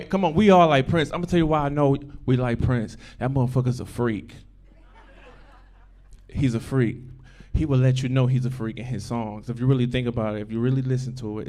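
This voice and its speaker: A man doing a stand-up comedy set on a club stage into a handheld mic, profane and repetitive, swinging from loud bursts down to low mumbling. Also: steady tone, fairly quick.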